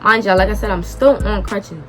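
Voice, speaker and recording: A woman's voice: medium pitch, a little fast, a little hiss or hum. A young woman vlogger, telling a dramatic storytime and acting out the dialogue. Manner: animated, dramatic retelling with quoted dialogue. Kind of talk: storytime vlog.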